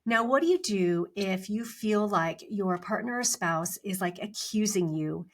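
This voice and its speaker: Middle-aged female podcast host, mid-pitched voice, chatty advice delivery with easy laughs. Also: expressive, a little slow. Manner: conversational, with fillers and frequent laughs. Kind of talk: casual advice monologue.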